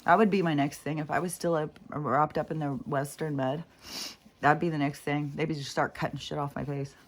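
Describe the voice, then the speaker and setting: A woman with a notably deep, low voice talks to camera in a loose spiritual vlog. She meanders and reflects on herself, leaning on fillers. Her nose is runny. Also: fairly even intonation, normal speed. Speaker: spiritual vlogger. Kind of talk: casual rambling monologue.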